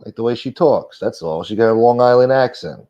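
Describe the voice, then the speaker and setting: A man's voice: medium pitch, lively intonation, a little fast. A man hosting his own livestream, talking casually in a defensive, profane rant aimed at his critics. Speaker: livestream host. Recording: dull lo-fi stream audio.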